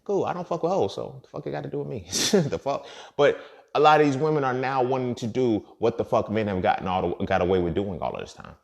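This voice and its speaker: A man hosting a podcast and speaking a casual monologue, blunt and profane, repeating his points. He swings from loud emphatic outbursts to quiet muttered asides. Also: mid-range voice, animated, fast talker, creaky, highs cut off. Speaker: podcast host.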